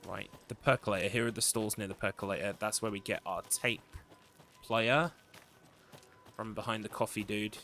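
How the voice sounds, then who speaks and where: A man's voice: fairly low pitch, steady tone, normal speed, bright, forceful tone, soft background music. A man casually talking through his gameplay, swearing now and then and greeting his chat. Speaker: streamer.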